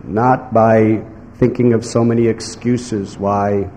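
A man giving a devotional sermon in slow, emphatic phrases, now and then acting out what others might say. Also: on the low side, steady tone, mellow. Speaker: spiritual teacher. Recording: echoey hall with faint background noise.

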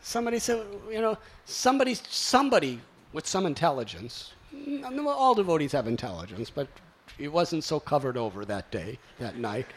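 A man telling a story to a gathering, animated and exclamatory as he acts out the sounds. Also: fairly high pitch, normal speed, few pauses, husky. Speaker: spiritual speaker.

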